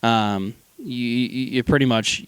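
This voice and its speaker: A man's voice: medium pitch, unhurried, fairly bright tone, slight background noise. A man co-hosting a podcast, casually recapping a horror film with many fillers and acting out quoted lines. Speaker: podcast co-host. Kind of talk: casual movie review chat.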